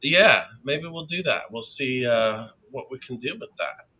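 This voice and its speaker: Man with a sharp, bright voice on a dull lo-fi line. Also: medium pitch, measured pace, slightly rough. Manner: joking, deadpan one-liners. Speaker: co-host who gives horoscopes. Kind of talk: casual livestream banter.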